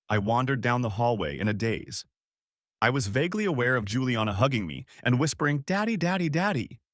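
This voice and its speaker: Male audiobook narrator: dramatic, expressive first-person reading, low and animated, dry close mic. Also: no room sound.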